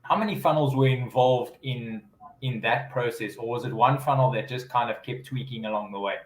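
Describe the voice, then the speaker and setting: A male host speaking at a middle pitch, thoughtful and hesitant with many restarts. His voice carries a roomy echo from the space he's in. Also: moderate pace. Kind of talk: interview host chat.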